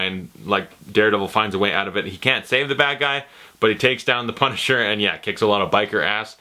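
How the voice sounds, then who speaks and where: A man giving a casual, rambling spoken review of a TV series, excitable and full of swearing. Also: lowish voice, quick pace.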